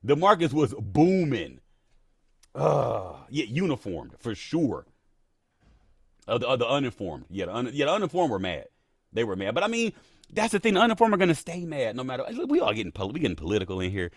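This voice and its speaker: A man in his thirties hosting a casual livestream, animated, laughing often and reading chat aloud. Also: medium pitch, fairly quick, breathy edge, no echo, clean studio sound. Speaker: livestream host.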